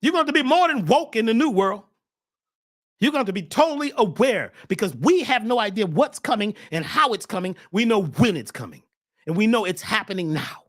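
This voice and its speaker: Fiery preaching man, wildly swinging pitch. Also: very animated, a little fast. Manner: preachy, swings from shouting to hushed. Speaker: host. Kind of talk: impassioned spiritual talk.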